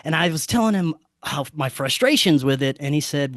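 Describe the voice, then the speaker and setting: A man's voice: a little high, lively intonation, brisk, a bit bright, dry recording, studio quality. A man guesting on a podcast, telling a story casually and animatedly, swearing freely and acting out the dialogue.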